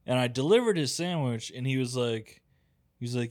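A man co-hosting a podcast, telling relaxed, profane stories and laughing along. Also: medium pitch, moderate pace. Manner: laid-back, profane, laughs through stories. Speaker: podcast co-host. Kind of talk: casual chat.

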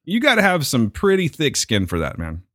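A man's voice: fairly high pitch, huge pitch swings, moderate pace, bright, forceful tone, no room sound, clean studio sound. A man hosting a casual chat who sets up improv bits and swears casually. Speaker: podcast host.

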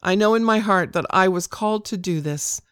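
A woman's voice: mid-range voice, normal speed, a bit bright, clear, resonant tone, no room sound, clean studio sound. An older woman hosting a devotional podcast, talking in an earnest, encouraging way. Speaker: podcast host.

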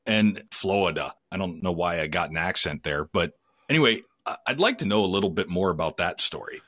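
A man's voice: sits low, lively intonation, quick pace, pushed and bright, no echo, clean studio sound. A man hosting and producing a podcast, trading wry, teasing banter. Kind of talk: casual chat.

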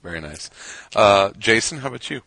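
A man's voice: fairly low pitch, lively intonation, a little fast, creaky, sharp tone, no echo. A man from Chicago co-hosting a podcast, chatting casually in a rambling way with many restarts. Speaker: podcast co-host. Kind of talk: casual chat.

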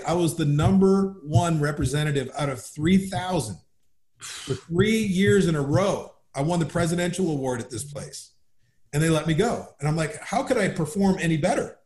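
Male interview guest, upbeat and animated, telling a story, slightly high-pitched voice, recorded with a roomy echo. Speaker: guest, business founder. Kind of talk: conversational storytelling.

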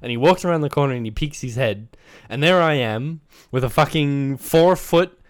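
A man's voice: medium pitch, normal speed, no echo, studio quality. A man telling a rambling, profane work story in casual chat.

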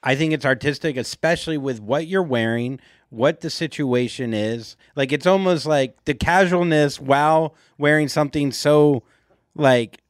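A man co-hosting a podcast in casual chat, playful and quick to joke. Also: fairly high pitch, no echo, studio quality. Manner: animated, playful, joking. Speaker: podcast co-host.

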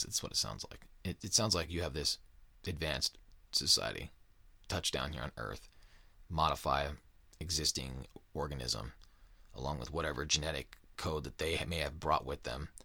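A man's voice: deep voice, pushed and bright, dry recording. A man hosting a casual podcast, talking in a profane, rambling and sarcastic way. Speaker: podcast host. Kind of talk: casual chat.

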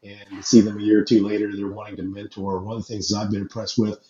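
A man's voice: lowish voice, completely flat delivery, fast, warm tone. A man hosting a podcast, chatting in an easygoing, agreeable, reflective way. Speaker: podcast host. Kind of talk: casual chat. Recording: dull roomy sound with faint noise.

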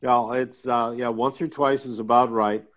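A middle-aged man talks through his business method in a relaxed interview, slipping in homespun stories and little jokes. His voice sits in an ordinary middle register. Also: mid-range voice, normal speed. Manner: folksy storytelling with jokes. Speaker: guest, IT sales consultant. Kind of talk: conversational podcast interview.

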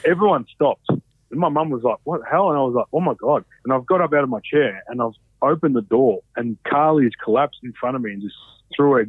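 A man telling stories in a casual, animated way, swearing freely. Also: medium pitch, no room sound. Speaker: podcast guest, former reality show contestant. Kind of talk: casual storytelling. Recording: dry, phone-like narrow sound.

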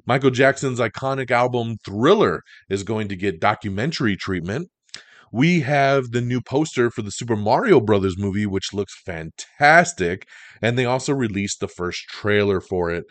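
A man hosting a podcast, running through entertainment news in a casual, animated way. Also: mid-range voice, normal speed, no echo. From Italian heritage. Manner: animated, chatty, breaks into goofy impressions. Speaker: podcast host.

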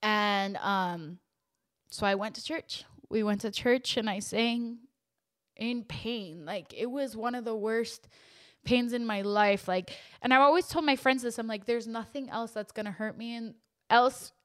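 A young woman hosting a podcast, telling a painful personal story in an emotional, halting way with lots of fillers and restarts. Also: a little high, a bit bright. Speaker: podcast host.

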